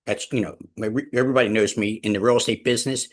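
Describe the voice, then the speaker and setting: A man leading a real estate team meeting, emphatic and repetitive, often addressing the room as ladies and gentlemen. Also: lowish voice, fairly even intonation, rapid-fire. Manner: emphatic, repeats key phrases, addresses listeners as ladies and gentlemen. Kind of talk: motivational team meeting talk.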